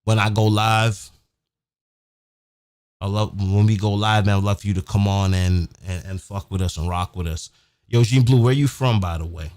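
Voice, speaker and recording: A man hosts a live-streamed podcast in a low voice, pressing each point hard and swearing freely. He keeps repeating himself and tags his lines with "man". The sound is close and dry, with no room echo. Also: fairly even intonation, moderate pace, darkish tone. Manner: emphatic, repetitive, keeps saying "man"; profane, fired up. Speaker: podcast host. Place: home recording setup near a big city.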